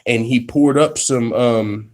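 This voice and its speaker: A man talks through a live MMA reaction stream from his workplace in a casual, profane, slang-heavy way. He gets excited and restarts his sentences often, in a voice of middling pitch. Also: slow pace. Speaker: MMA channel host.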